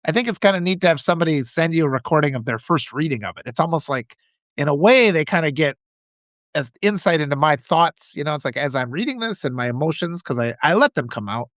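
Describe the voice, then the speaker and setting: Chatty, upbeat man with a higher voice. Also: expressive, fast talker, fairly bright tone, dry recording, studio quality. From Wisconsin. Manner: rambling and enthusiastic, with chuckles and restarts. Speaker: host. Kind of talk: casual solo morning chat.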